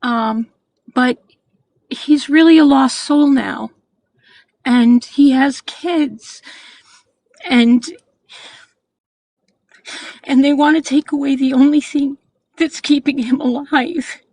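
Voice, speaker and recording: A woman in her sixties calling in to a show, speaking earnestly and haltingly, with frequent restarts. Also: high voice, fairly even intonation, darkish tone, no room sound, rough recording. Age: 60s. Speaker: caller. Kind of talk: call-in chat.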